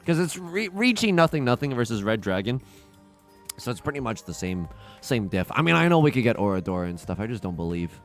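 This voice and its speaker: A young man chats casually while playing on stream, rambling and cracking jokes at his own expense. His voice is medium-pitched and a bit bright, with faint music in the background.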